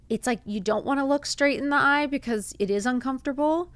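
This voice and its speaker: A woman hosting a podcast, telling a personal story in a casual, animated way, acting out quotes and saying "like" a lot. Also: sits high, brisk, hardly any pauses, smooth, dry recording. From Miami. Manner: animated, acts out quotes, says "like" often. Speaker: podcast host.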